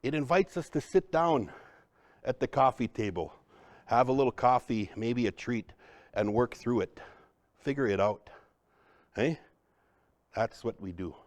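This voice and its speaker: Baritone man leading a live workshop. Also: lively intonation, unhurried, long pauses. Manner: conversational, often checks in with the audience. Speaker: cultural trainer presenting to a group. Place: room with a live audience.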